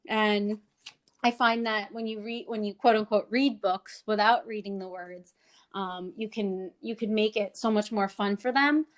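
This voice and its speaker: A woman speech-language pathologist explaining tips in an interview, animated and clear, slipping into playful child-talk examples. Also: medium pitch, unhurried.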